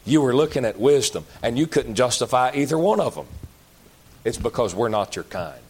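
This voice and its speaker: A man with a drawl delivers a sermon at a mid pitch. He talks in a folksy, plain way, swinging from loud, emphatic bursts to low, slow asides. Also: animated, breathy edge. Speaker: pastor.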